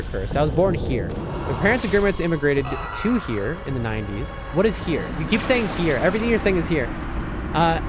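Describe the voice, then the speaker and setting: Rambling East Coast guy chatting with viewers over game music, animated delivery. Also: fairly high pitch. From East Coast of the United States. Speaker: gaming streamer. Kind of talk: casual chat with viewers while gaming.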